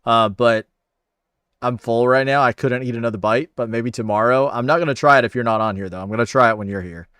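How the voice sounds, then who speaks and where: A man's voice: mid-range voice, brisk, fairly bright tone, smooth, no echo. A man hosting a casual livestream, chatting upbeat and friendly as he thanks viewers by name. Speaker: livestream host. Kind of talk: casual chat reading viewer comments.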